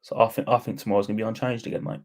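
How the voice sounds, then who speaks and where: A man co-hosting a casual football podcast over a remote call, relaxed, rambling and cheeky. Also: on the low side, rapid-fire. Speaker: podcast co-host.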